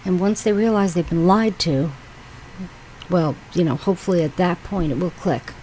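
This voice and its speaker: A woman from New York with a lowish voice talks through posts for her own channel, reading them aloud and then musing on them. She rambles casually, with many fillers and restarts, while a faint hum of background noise sits under her voice. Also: moderate pace, warm tone, low-quality recording. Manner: rambling, conversational, with frequent fillers and asides. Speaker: channel host.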